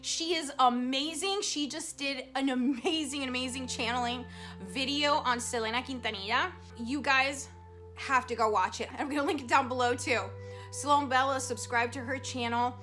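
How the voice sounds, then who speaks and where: Woman, high voice, animated, chatty storyteller, faint background music. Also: normal speed. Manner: animated, chatty, emotional storyteller with many fillers. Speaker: psychic vlogger. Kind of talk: casual storytelling to camera. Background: soft background music.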